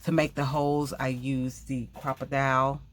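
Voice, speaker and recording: A woman hosting a craft video, talking quickly in a rambling, casual way and often correcting herself mid-sentence. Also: extremely low pitch, little pitch movement. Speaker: craft channel host. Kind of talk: casual craft tutorial chat.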